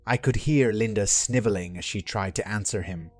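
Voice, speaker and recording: A man narrating a story from a script in an even storytelling manner. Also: lowish voice, moderate pace, hardly any pauses, no room sound, soft background music.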